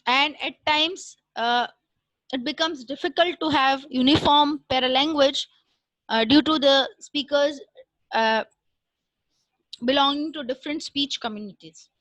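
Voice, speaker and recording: A woman lectures an online class in a measured, explanatory way, pausing often with fillers. Her voice sits high and bright. The recording is dry and close on a computer mic. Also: dry recording, rough recording.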